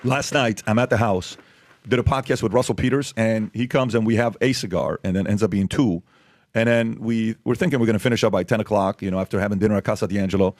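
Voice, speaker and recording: A man's voice: on the low side, quick pace, darkish tone, no echo, clean studio sound. A man hosting a podcast, talking emphatically and firing off repeated rhetorical questions. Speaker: podcast host. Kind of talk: opinionated podcast talk.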